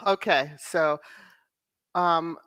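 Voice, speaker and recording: A woman's voice: fairly low pitch, very slow, dry recording. A woman hosting a casual livestream, chatting affectionately with viewers and breaking into laughter often. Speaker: host of a royal-news channel.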